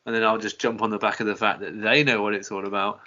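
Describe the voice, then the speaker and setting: A smug, calculating rich investor explaining his deal, as a man puts him on. His voice is bright and forward, and the audio is dull and lo-fi. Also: lowish voice, level tone, fast, pitched below the performer's own voice. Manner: calculating, self-satisfied. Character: smug wealthy male TV investor.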